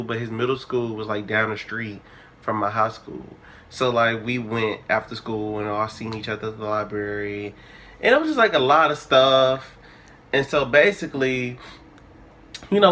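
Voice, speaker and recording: A young man, telling a personal story casually and acting out the dialogue with drama. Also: medium pitch. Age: early 20s. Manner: animated, dramatic retelling with quoted dialogue. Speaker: vlogger.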